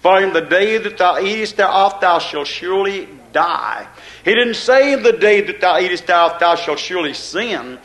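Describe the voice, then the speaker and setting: Male preacher, high pitch, rhythmic sermon delivery with emphatic repetition. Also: animated, moderate pace, fairly bright tone.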